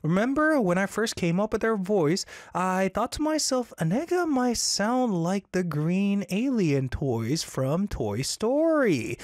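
A man's voice: slow, few pauses, dry recording, studio quality. A man hosting a casual radio show, reading listener messages in a chatty, upbeat way. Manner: chatty and upbeat, animated swings in pitch.

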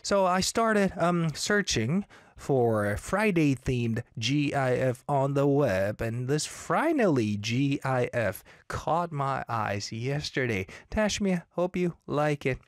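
A young man hosting a live show, reading out listener comments in a lively, upbeat way. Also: mid-range voice, slow, no echo, clean studio sound. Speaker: radio show host.

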